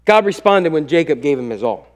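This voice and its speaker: A middle-aged male pastor preaching, with a high voice that swings widely up and down. He tells a family story and acts out what each person said. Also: brisk. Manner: animated storytelling, acting out family quotes.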